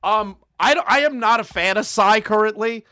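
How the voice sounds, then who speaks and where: Commentary guy ranting, cursing and mocking, kinda high voice, really dry close sound. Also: moderate pace, sharp tone, smooth, dry recording. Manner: profane, mocking, laughing between rants. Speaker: commentary channel host.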